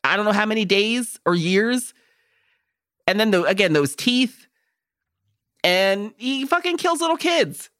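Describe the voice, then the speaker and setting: A woman co-hosting a casual comedy podcast, her bright voice swinging widely up and down. She jokes loudly and profanely, with plenty of animation in every line. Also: medium pitch, expressive, measured pace, long pauses. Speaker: podcast co-host.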